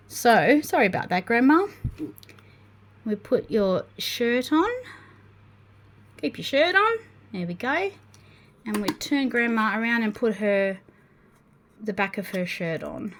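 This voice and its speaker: Aussie mum unboxing toys, slow easy pace, bouncy high voice. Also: female voice, a little hiss or hum. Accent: Australian. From Australia. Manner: animated, talks to viewers and the toys. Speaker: toy unboxing vlogger. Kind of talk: chatty unboxing and building commentary. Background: crinkling packets and plastic clicks.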